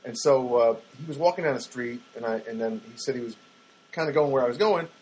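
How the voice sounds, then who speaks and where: A man rambling through everyday stories in a chatty, excitable monologue, often repeating himself and acting out other people's voices. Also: medium pitch, quick pace, husky, low-quality recording.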